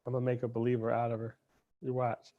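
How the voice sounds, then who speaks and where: A man's voice: medium pitch, completely flat delivery, quick pace, narrow, tinny audio. A man, a dad, hosting a live cooking lesson for kids, chatty and upbeat, talking straight to the children and their parents. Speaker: cooking show host.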